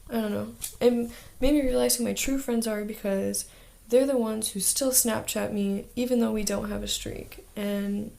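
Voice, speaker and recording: A woman's voice: a little high, fairly even intonation, normal speed, gravelly, hardly any pauses, a little mellow. A teenage girl talking in a casual video diary as an exchange student, chatty and full of "like" fillers.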